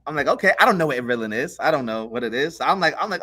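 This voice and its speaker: Animated man telling a story. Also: a little high, racing, hardly any pauses, husky. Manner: animated, acts out voices in his story. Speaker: podcast co-host. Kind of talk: casual storytelling.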